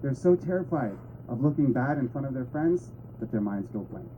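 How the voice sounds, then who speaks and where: A man's voice: mid-range voice, lively intonation, normal speed, lo-fi sound, a little hiss or hum. A man giving a talk to an audience in a conversational way with playful asides. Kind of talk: presentation to an audience.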